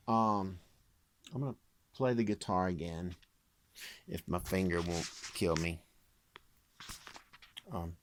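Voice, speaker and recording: A man's voice: sits low, a bit bright, a little hiss or hum. A man talking in a casual, rambling vlog, jokey and full of fillers. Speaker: vlogger and singer.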